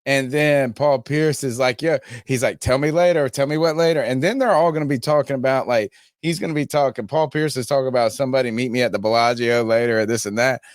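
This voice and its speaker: A man co-hosting a podcast, excitedly retelling and laughing about a clip he is playing. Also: mid-range voice, brisk, few pauses, dry recording, studio quality. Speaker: podcast co-host. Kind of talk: casual chat reacting to a clip.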